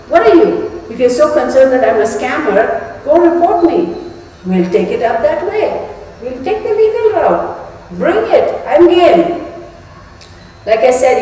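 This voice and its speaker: A woman's voice: mid-range voice, darkish tone. A woman live-streaming as a tarot reader, ranting indignantly and talking straight to her viewers in casual speech. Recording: very echoey room, distant mic, faint hum.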